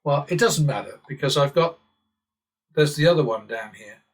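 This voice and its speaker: A man's voice: a little high, animated, moderate pace, recorded from a distance. An English man hosting his own channel, talking in a rambling, sardonic monologue and chuckling as he wanders off topic. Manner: digressive and sardonic, chuckles often. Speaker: channel host.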